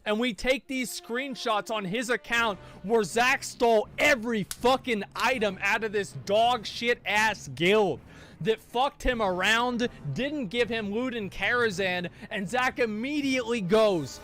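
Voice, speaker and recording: A gaming streamer telling a casual story in a profane, animated way, acting out the people he quotes. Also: high-pitched.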